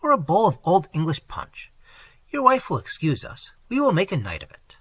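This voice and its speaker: A man reading aloud and voicing a reckless, worldly young gentleman with a bold, sardonic manner. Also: high-pitched, wildly swooping pitch, moderate pace, husky, dry recording, voice pushed up, exaggerated voice. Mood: boisterous.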